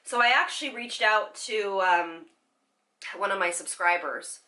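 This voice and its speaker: Young woman, bright clear voice, candid halting vlog talk, tearful. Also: medium pitch. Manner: candid, halting, many fillers. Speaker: vlogger. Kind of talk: emotional personal vlog.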